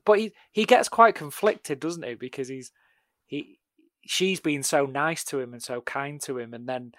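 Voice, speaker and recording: A man's voice: mid-range voice, moderate pace, a bit bright, dry recording. Giggly man chatting about a film, dry sound. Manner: giggly, conversational, full of fillers. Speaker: podcast co-host. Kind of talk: casual film discussion.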